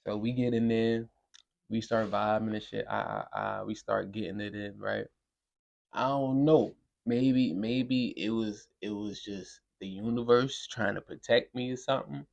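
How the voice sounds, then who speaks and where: A young man from Brooklyn, telling a wild story on a podcast in a casual, profane, animated way. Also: fairly low pitch, measured pace, vocal fry, highs cut off. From Brooklyn, New York. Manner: animated, profane, acts out voices in quotes.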